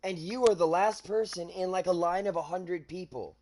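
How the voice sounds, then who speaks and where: A man with a fairly high voice tells stories in loose gaming-stream chat, sprinkling in swears. A faint hiss runs under the recording. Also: moderate pace, a little mellow. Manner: casual, profane storytelling. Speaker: co-host of a gaming channel. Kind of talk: casual chat while gaming.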